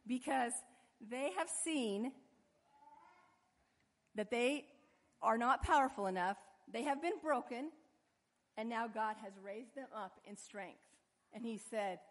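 A woman with a fairly high voice preaches a sermon, lively and expressive. She acts out the people in her story as she goes. Her voice carries a long hall reverb. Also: slow, pauses often.

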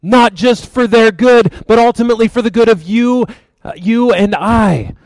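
A man preaching a sermon, retelling a story in a lively, conversational way. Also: very high-pitched, normal speed, no room sound, poor audio. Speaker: pastor.

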